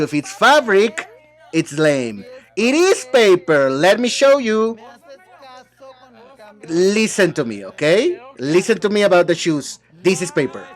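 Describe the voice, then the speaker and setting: A man voicing an English dub of reality-show banter alone, sassy and bickering as he switches between several speakers. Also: high voice. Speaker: translator dubbing a reality show.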